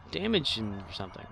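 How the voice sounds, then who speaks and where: A man's voice: mid-range voice, vocal fry, fairly bright tone, a little hiss or hum. A man streaming a game, rambling to himself and mocking his own mistakes. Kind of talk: casual gaming commentary.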